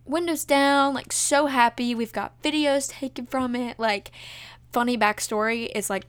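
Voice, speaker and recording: A woman's voice: medium pitch, a bit bright, clear, resonant tone. A young woman telling her engagement story in a casual, gushing way, full of fillers and close to tears. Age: young adult. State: tearful. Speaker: vlogger.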